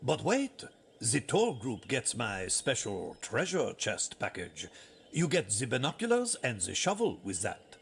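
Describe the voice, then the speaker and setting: A man's voice: mid-range voice, wildly swooping pitch, a little slow, gravelly, husky, exaggerated voice. An actor playing an obsequious bike-rental man in a video game. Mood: wheedling. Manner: obsequious, wheedling.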